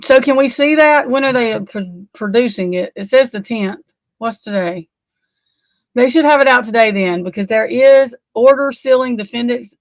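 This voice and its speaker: A woman with a fairly high-pitched voice speaks at a moderate pace, no room sound audible. Hosting a relaxed true crime stream, she is drowsy and yawning, rambling on to her chat and swearing in exasperation.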